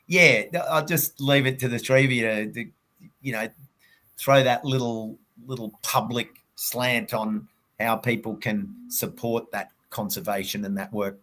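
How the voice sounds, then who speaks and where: A man with an Australian accent hosting a webinar, rambling with halting restarts. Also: medium pitch, steady tone, bright, forceful tone. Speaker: webinar host. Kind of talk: casual moderating.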